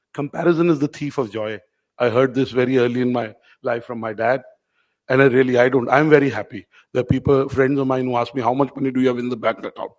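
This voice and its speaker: A man's voice: mid-range voice, darkish tone, poor audio. A middle-aged man giving an informal keynote speech to award winners, telling anecdotes and calling on audience members by name. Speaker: media company owner addressing award winners. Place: event hall.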